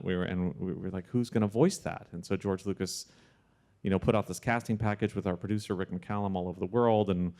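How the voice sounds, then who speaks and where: Man, slightly low voice, casual interview guest, animated storytelling, lots of restarts. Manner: animated anecdote-telling with frequent restarts. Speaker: sound supervisor guest.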